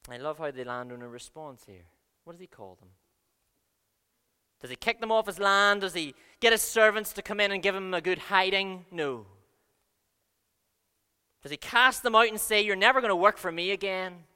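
A man preaching a sermon, earnest, swinging between soft and loud passages. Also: sits high, lively intonation, moderate pace, pauses often, smooth. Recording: long reverb of a large hall.

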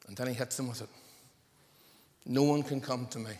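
A male preacher delivers a sermon with emphatic, repetitive stresses. His voice sits at an ordinary middle pitch. It rings out with the long reverb of a large church hall. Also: unhurried, long pauses. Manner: emphatic, repeating phrases for stress.

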